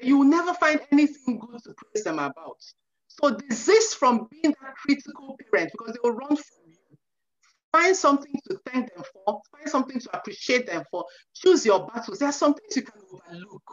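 A woman's voice: high-pitched, a bit bright. A woman in her forties, a youth counselor, earnestly advising parents and often saying "you know". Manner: earnest, repeats "you know", acts out quotes. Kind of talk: advice talk to parents. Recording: muffled lo-fi recording.

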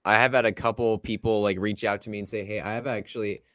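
A man's voice: lowish voice, steady tone, fast, a bit bright, no echo, clean studio sound. A man co-hosting a fantasy football podcast, telling a story in a rambling way with lots of fillers. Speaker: podcast co-host. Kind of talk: casual chat.

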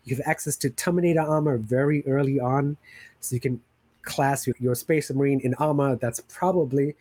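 A man's voice: medium pitch, a little mellow, no echo. A man hosting a podcast in casual chat, rambling with enthusiasm and plenty of fillers. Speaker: podcast host.

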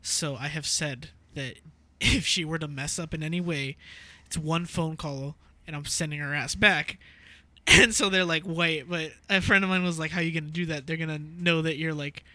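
Laughing man, bright dry voice. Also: on the high side, steady tone, moderate pace, dry recording. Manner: laughs often, stammering comic bits. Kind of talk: casual podcast chat.

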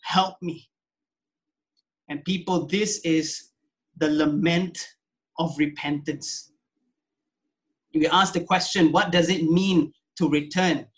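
A man's voice: fairly high pitch, fairly even intonation, slow pace, long pauses. A man preaching a sermon as pastor, earnest and pleading, often saying "you know".

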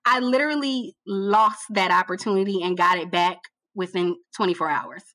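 Emphatic, bright-voiced woman telling a story. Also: mid-range voice, normal speed, no echo. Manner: animated, emphatic, repeats phrases for effect; colloquial, addresses listener as girl. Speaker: guest, TV producer. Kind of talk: casual storytelling interview.

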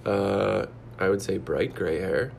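A man co-hosting a casual comedy podcast, riffing absurd jokes in a deadpan way. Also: low-pitched, slow, vocal fry, a little hiss or hum. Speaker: podcast co-host.

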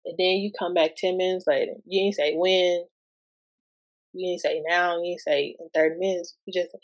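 A woman's voice: on the low side, fairly even intonation, moderate pace, rough recording. A woman in her thirties hosting a podcast, talking casually about parenting and asking lots of rhetorical questions in loose everyday speech. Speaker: guest podcast host.

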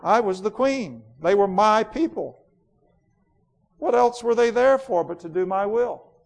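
A man's voice: high voice, animated, a little slow, creaky, pitched above the performer's own voice, exaggerated voice. A man voicing a cold, ruthless queen in a dramatic storybook reading, in an imperious, declamatory manner. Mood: cold, scornful. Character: proud, cold, ruthless ancient woman queen.

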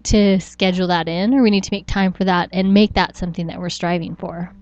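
A woman's voice: lowish voice, fairly even intonation, fairly quick, a little mellow, dry recording, lo-fi sound. A woman co-hosting a podcast in casual chat, rambling and restarting her sentences with frequent small laughs. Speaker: podcast co-host.

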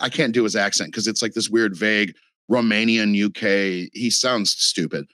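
A man's voice: fairly low pitch, normal speed, bright, forceful tone, dry recording. A man talking in a casual podcast chat, rambling and profane with lots of fillers.

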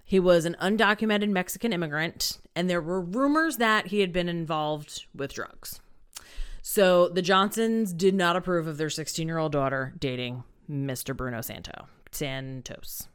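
Woman telling a true crime story on a podcast, lowish smooth voice, lots of ums and likes. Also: moderate pace. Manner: chatty, many fillers like "um" and "like".

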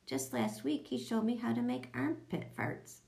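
A woman narrating a children's audiobook, telling it in a lively storytelling manner. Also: unhurried, vocal fry. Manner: lively storytelling, voicing children in higher tones.

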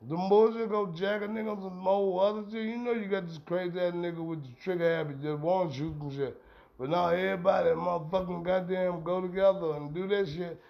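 A man's voice: high voice, brisk, creaky. A middle-aged man hosting a podcast, ranting in a heated, profane, rambling way. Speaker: podcast host. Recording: dull lo-fi sound.

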